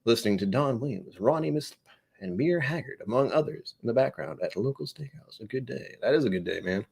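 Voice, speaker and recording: A young man hosts a casual whiskey livestream, his mid-range voice quick and lively in intonation, darkish with vocal fry and a breathy edge. He rambles and jokes while reading comments, addressing chat viewers by name.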